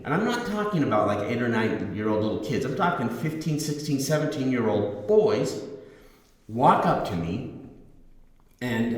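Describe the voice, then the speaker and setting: A man's voice: medium pitch, darkish tone. A middle-aged man, a musician hosting his own channel, tells a rambling gig anecdote in casual chat, restarting phrases and acting out the voices in his quotes. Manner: rambling, self-correcting anecdote with acted quotes. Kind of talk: casual storytelling to camera. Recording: very echoey room with long reverb.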